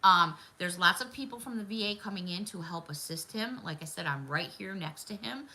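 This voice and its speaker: A woman's voice: on the low side, expressive, a little fast, a little hiss or hum, poor audio. A middle-aged woman hosting a casual livestream chat, talking to viewers by name and laughing often. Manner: chatty, warm-hearted, laughs often, talks to viewers by name. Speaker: livestream host.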